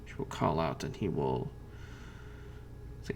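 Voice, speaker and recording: A man's voice: extremely low pitch, slow, gravelly. A man running a tabletop game as game master, hesitant with many fillers and restarts.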